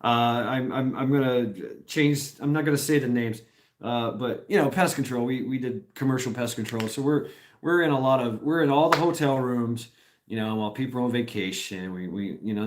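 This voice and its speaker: A man's voice: mid-range voice, brisk. A middle-aged man from Tennessee hosting a casual live stream, rambling, swearing and laughing often as he reads comments.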